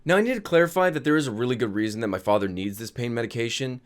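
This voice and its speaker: A man's voice: mid-range voice, lively intonation, rapid-fire. A man telling a funny personal story in a casual vlog, laughing as he goes. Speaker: vlogger.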